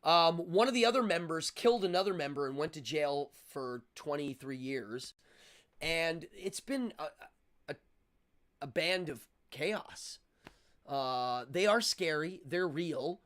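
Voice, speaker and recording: Guy hosting a live stream, kinda high voice, rambles a lot, lots of ums and restarts. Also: animated, unhurried, a bit bright. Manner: rambling, opinionated, with frequent fillers and restarts. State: out of breath. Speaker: livestream host. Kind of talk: casual livestream chat.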